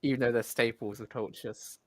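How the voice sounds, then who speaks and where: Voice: medium pitch, fairly even intonation, brisk, dry recording. A speaker with a mid-range voice chats casually over a voice call. They musing aloud and hedge their points. The sound is dry and close to the mic. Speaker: watch-along participant. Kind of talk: casual chat. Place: home, over voice chat. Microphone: computer mic on a voice call.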